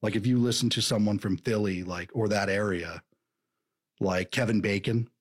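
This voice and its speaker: A man co-hosting a casual chat, playful and quick to slip into silly impressions. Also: on the low side, husky. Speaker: podcast co-host.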